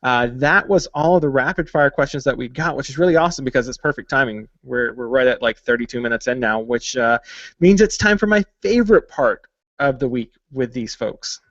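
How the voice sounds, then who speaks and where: A man's voice: mid-range voice, a little fast, fairly bright tone, no room sound, lo-fi sound. A man hosting a podcast, talking casually and joking, with lots of fillers. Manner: chatty, jokey, many fillers. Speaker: podcast host. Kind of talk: casual chat.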